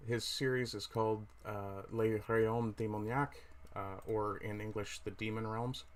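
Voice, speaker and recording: Newfoundland man with a low voice, chatting casually. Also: fairly even intonation, moderate pace. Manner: rambling, self-correcting, chatty asides while browsing. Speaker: livestream host. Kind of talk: casual livestream chat.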